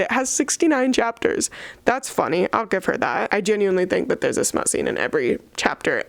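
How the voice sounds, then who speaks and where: Chatty young woman with vocal fry. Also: mid-range voice, dry recording. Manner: chatty, sarcastic, full of fillers. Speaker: book reviewer. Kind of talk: casual book commentary.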